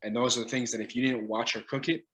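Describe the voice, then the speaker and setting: A man from Long Island, a guest cook, talking in a relaxed, easygoing way in a casual chat. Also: medium pitch, fast talker, rough recording.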